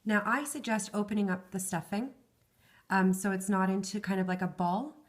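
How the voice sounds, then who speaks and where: A woman's voice: mid-range voice, fairly even intonation, moderate pace. A woman walks viewers through a craft project one step at a time and counts out each stitch as she goes. Her voice is tired and wearing thin, close to giving out. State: losing her voice. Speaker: craft tutorial host.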